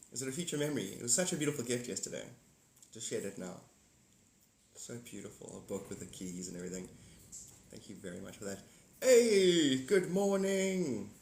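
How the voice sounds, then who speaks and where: A man in his forties hosts a loose livestream chat. He rambles, repeats himself and keeps breaking off to greet viewers by name. His voice sits at a middle pitch and carries a roomy echo. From South Africa. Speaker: livestream host.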